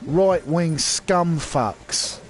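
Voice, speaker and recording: Man, high-pitched, slow rambling rant with sarcastic asides, faint hiss behind. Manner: rambling, sarcastic, many restarts and fillers. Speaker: channel host. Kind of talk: casual rant to camera.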